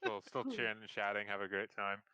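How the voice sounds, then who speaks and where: Man, game master, rambling narration, bright voice. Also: fairly low pitch, sing-song, a little fast, clean tone, dry recording, poor audio. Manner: rambling, repeats words as he narrates.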